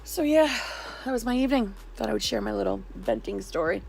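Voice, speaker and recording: A woman in her thirties from New York State, telling a sarcastic, animated venting story in a vlog. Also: fairly high pitch, a little fast, creaky, a little hiss or hum. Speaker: vlogger.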